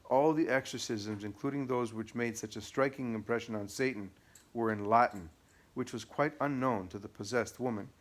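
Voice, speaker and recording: A man narrating an audiobook in a measured, matter-of-fact way. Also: mid-range voice. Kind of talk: audiobook reading.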